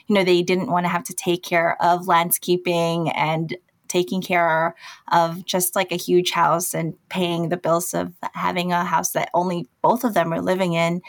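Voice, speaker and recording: A chatty woman in her forties speaks as a teacher on a radio call-in. Her voice is fairly low and gravelly, with plenty of "um" and "you know". The sound is dry. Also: fairly bright tone, no room sound. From United States. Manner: chatty, uses fillers, laughs lightly. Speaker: interview guest, schoolteacher. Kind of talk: remote radio interview.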